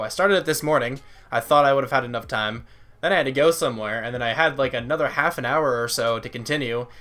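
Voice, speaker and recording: A young man talks through a football video game at a relaxed, rambling pace, thinking out loud and chatting with his viewers. His voice sits at an ordinary middle pitch, recorded close on a desk mic in a room at home. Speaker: gaming YouTuber. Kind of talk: casual let's-play commentary.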